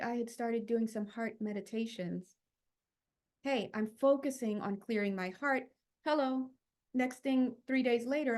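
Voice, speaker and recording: Chatty woman giving a spiritual talk. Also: on the high side. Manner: animated, chatty, many fillers and restarts. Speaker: spiritual teacher.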